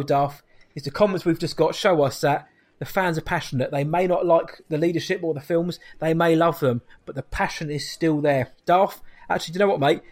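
A man with a high voice hosts a casual podcast, upbeat and chatty. He reads out listener messages and answers them in a friendly, easygoing way. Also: a little mellow. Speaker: podcast host.

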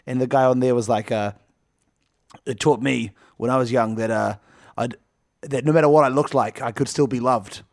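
A man's voice: mid-range voice, steady tone, normal speed, vocal fry, a little mellow, no room sound, clean studio sound. A man co-hosting a casual comedy podcast, rambling and joking and laughing often. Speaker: podcast co-host.

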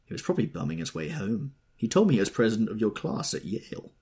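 A man's voice: fairly low pitch, sing-song, fast, darkish tone, breathy edge, voice pushed up, exaggerated voice. A man voicing a cool, wry young sportswoman in an audiobook reading, with dry, matter-of-fact telling.

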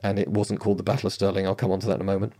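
A man giving casual history commentary, chatty and emphatic, with quick asides and frequent checks with the listener. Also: deep voice, flat delivery, warm tone.

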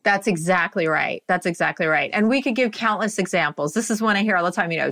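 A woman in her fifties, a life coach being interviewed, talking in an animated way with frequent laughs and "right?" checks. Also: on the low side, fast. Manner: animated, laughs often, says "right?" a lot. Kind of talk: conversational interview.

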